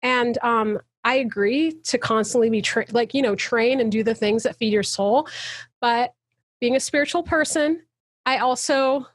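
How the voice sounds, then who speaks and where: A woman's voice: fairly high pitch, moderate pace, no room sound, studio quality. A woman, a guest actor, talking passionately and emphatically in a casual interview over a video call. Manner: passionate, emphatic, soapbox ranting.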